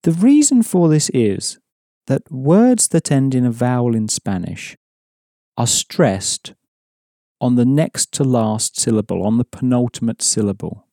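A man teaching a scripted language lesson, explaining word stress in a measured way and slowing down for examples. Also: medium pitch, lively intonation, dark tone, no echo, studio quality.

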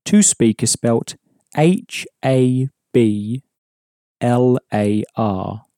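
A man's voice: mid-range voice, drawn-out words, warm tone, no echo, studio quality. A man teaching an audio language lesson, patiently explaining rules and prompting the listener.

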